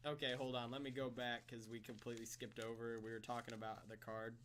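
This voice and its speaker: A man's voice: medium pitch, flat delivery, quick pace, a bit bright, a little hiss or hum. A young man co-hosting a podcast in casual chat with a friend, rambling, swearing, stuttering and laughing often. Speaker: podcast co-host. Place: room with a friend.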